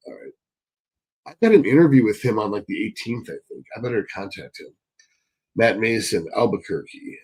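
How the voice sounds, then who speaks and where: A man hosting a live stream Q&A, reading chat questions and answering bluntly, swearing often and getting excitable. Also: on the low side, creaky, poor audio.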